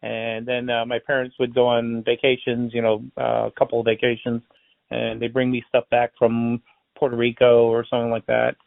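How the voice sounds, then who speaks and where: Brief: friendly storyteller man, gravelly voice, dry close sound. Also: medium pitch, normal speed, dry recording. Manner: chatty, animated storyteller acting out dialogue. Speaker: balloon artist and magician. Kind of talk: casual interview storytelling. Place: based in Florida. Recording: tinny phone-line sound.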